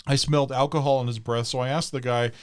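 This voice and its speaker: A man's voice: mid-range voice, steady tone, fast talker, clean tone. A man co-hosting a podcast, reading funny stories aloud and laughing often as he goes. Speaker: podcast co-host.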